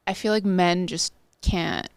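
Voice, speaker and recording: A woman's voice: lowish voice, a little slow, clean tone, dry recording. A woman in a casual podcast chat, teasing and laughing often.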